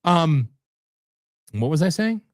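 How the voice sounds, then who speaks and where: A man's voice: a little high, big pitch swings, slow pace, no echo, clean studio sound. A man hosting a live political talk show, ranting in a rambling, profane and combative way that jumps from topic to topic. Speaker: host.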